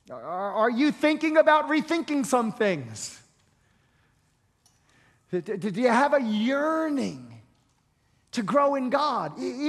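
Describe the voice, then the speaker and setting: A male pastor with a very high, slightly breathy voice preaches a sermon in a reverberant hall. He's emphatic and repetitive, often restarting words as he drives his point home.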